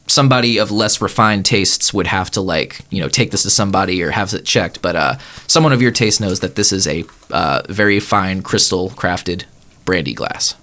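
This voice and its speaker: A man's voice: fairly low pitch, sharp tone. A man narrating as game master of a tabletop game, laid-back and full of fillers.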